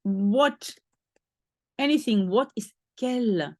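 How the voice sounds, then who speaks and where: Slow, lively Belgian woman teaching French. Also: mid-range voice. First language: Dutch. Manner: patient, repeats phrases slowly, thinks aloud. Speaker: language teacher. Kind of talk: explaining French to a beginner.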